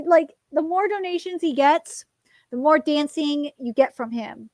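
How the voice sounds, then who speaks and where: A woman's voice: high voice, measured pace, a little mellow, dry recording. A woman streaming casually, rambling with many fillers and cooing at her cat in baby talk. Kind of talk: casual live-stream chat.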